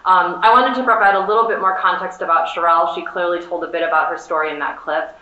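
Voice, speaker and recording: Bright-voiced woman presenting, many fillers. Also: fairly low pitch, steady tone, fast talker. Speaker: conference panelist. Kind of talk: panel presentation. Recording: echoey, dull conference room audio.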